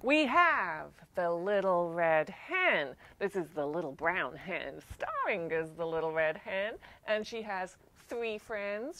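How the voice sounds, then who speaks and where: A woman leading a library storytime for young children, gently explaining things step by step. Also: fairly low pitch, expressive, takes it slowly, hardly any pauses.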